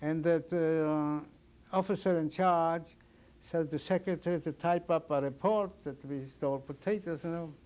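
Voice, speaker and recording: A man in his sixties giving oral history testimony as a survivor, telling his story plainly and haltingly, often restarting his sentences. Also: a little high, fairly even intonation, darkish tone. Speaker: Holocaust survivor interviewee.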